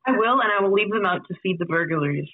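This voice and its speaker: A man who is a podcast guest, joking in a dry, deadpan way over a remote call. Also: sits high, quick pace. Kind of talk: casual podcast chat. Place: at home in Canada. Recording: tinny phone-like remote call.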